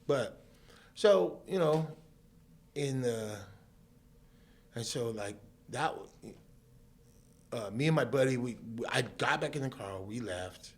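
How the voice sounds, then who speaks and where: Medium-pitched and slow with long pauses, this man from Southern California is a guest on a podcast. In a casual interview he tells a story animatedly, acting out the voices of those involved and laughing frequently.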